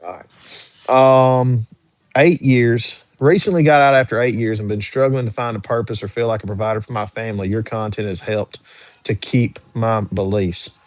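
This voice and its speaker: A man's voice: on the low side, steady tone, normal speed, dry recording. A young man hosting a casual livestream, reading viewer questions aloud and answering them in an easygoing, drawling way. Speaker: livestream host answering chat.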